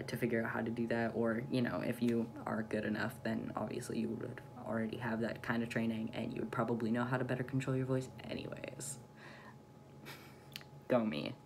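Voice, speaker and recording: A man's voice: mid-range voice, slight background noise. A young man chatting casually in a vlog, his voice still changing on testosterone, with lots of "um"s and little laughs. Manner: chatty, many "um"s and light laughs, self-deprecating. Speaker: vlogger.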